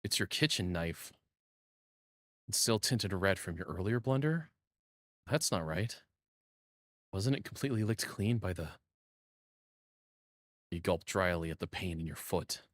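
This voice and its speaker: This man has a low voice with lively intonation and a fairly bright tone, speaking at a measured pace with long pauses. He's streaming a game live, narrating its second-person story text and stopping to swear and banter with chat. The studio-quality audio, captured on a boom-mounted condenser mic, has no echo, with game music in the background.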